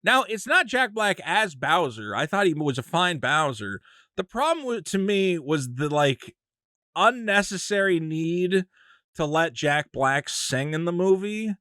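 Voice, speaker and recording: A man's voice: sits high, a little slow, no room sound, studio quality. A man giving an opinionated, casual movie review with frequent restarts. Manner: animated, opinionated, restarts a lot.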